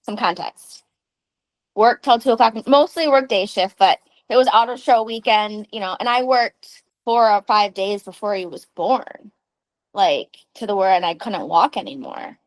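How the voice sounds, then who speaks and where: A woman in her thirties co-hosting a podcast in casual chat, telling animated stories and swearing freely. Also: medium pitch, moderate pace. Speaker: podcast co-host.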